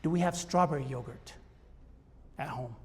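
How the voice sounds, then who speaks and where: A man voicing a calm, patient wife and mother who speaks softly and matter-of-factly, recorded with long hall reverb. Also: on the high side, moderate pace, lightly acted. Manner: soft, even and matter-of-fact.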